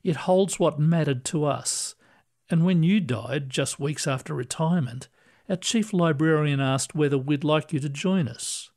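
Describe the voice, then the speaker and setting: A man doing a kindly, gentle ghost librarian. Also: a little high, measured pace. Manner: gentle, reassuring, soft-spoken.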